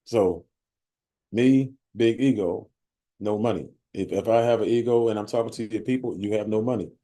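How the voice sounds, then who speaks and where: A man's voice: fairly low pitch, normal speed, mellow. A man giving a motivational sales talk to a group, blunt and streetwise, often stumbling over words and checking in with "right?". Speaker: sales team leader speaking at a bootcamp.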